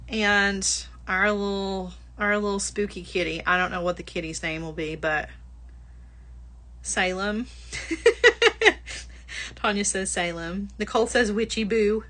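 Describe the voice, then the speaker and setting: A woman's voice: medium pitch, measured pace, a bit bright. A woman hosting a casual livestream product showcase, chatty and bubbly, laughing often and gushing over small items. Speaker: host.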